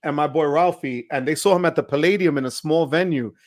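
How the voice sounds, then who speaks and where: Host, male, 50s, playful teasing livestream chat, slightly high voice. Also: brisk. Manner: playful teasing, upbeat, mixes Spanish words.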